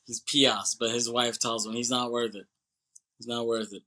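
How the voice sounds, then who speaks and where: A man's voice: medium pitch, little pitch movement, normal speed, sharp tone. A man co-hosting a movie podcast, chatting casually and rambling as he swears and acts out scenes. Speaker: podcast co-host.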